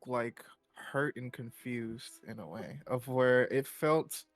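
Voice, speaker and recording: A man's voice: medium pitch, slow pace, dry recording. A man who plays in a tabletop game, earnestly explaining his feelings in a rambling, hesitant way. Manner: earnest, rambling, searching for words. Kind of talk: casual recap chat.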